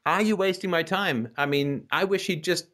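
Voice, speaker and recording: A man's voice: high-pitched, normal speed. A man hosting a call-in talk show, delivering a casual ranting monologue full of rhetorical questions. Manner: animated, rhetorical, keeps asking "right?".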